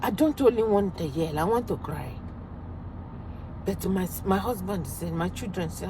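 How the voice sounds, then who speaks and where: A middle-aged Nigerian woman with a Nigerian accent, ranting emphatically in a commentary vlog with loud outbursts. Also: lowish voice, normal speed, background noise. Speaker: vlogger commenting on news.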